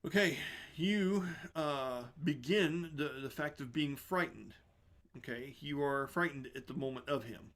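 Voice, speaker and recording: Running a tabletop game as game master, this man narrates the action vividly and laughs often. His voice sits in the mid range, and he speaks a little slowly.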